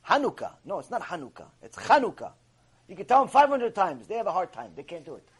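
A man gives a religious lecture in a raspy, higher-pitched voice. He drives his points home by repeating key phrases. His delivery is emphatic and instructive. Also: sing-song, fast. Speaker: rabbi teaching a Torah class.

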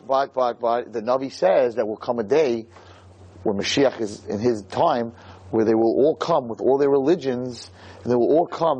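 A man with a somewhat husky, mid-range voice delivers a religious lecture as a personal story. He restarts phrases often and swells into fervent, emphatic passages. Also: medium pitch, dark tone, low-quality recording. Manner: heartfelt, repetitive restarts, rising to fervent emphasis. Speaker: Jewish lecturer. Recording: recorded on camera, live talk.

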